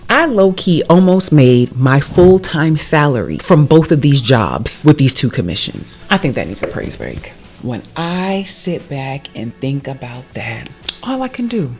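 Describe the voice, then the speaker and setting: A middle-aged woman who works as a real estate agent, sharing a personal testimony in a casual vlog. She talks emphatically and repeats phrases for stress, moving between soft asides and excited bursts. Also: sits low.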